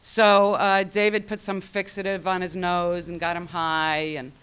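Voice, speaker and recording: A woman's voice: on the low side, level tone, unhurried, a bit bright, clear, resonant tone. A woman speaking at a recovery meeting, sharing her personal story in a wry, self-mocking way and acting out what her family said.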